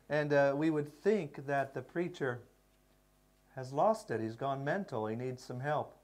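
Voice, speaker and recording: A man teaching a seminary class on pastoral care, reflective and unhurried, with many pauses. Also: mid-range voice, darkish tone. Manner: slow, reflective, with pauses and fillers. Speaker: seminary lecturer. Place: lecture room.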